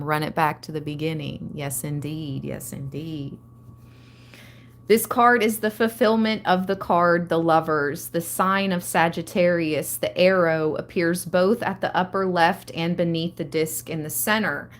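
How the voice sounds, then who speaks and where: Slow-talking woman reading tarot live. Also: on the low side. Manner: slow, reads card text then riffs excitedly. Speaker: tarot reader.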